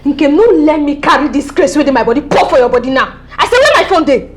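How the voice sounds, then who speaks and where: A woman's voice: a little high, lively intonation, normal speed, noisy background, close to an everyday voice. A woman playing a bitter Nigerian older sister. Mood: demanding. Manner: scolding, accusing. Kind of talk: Nollywood film acting.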